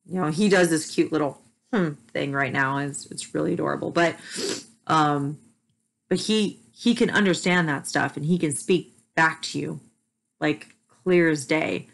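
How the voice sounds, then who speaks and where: A young mother talking candidly to camera, soft and hesitant, with frequent ums and restarts. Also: deep voice, moderate pace, vocal fry. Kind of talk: candid personal talk to camera.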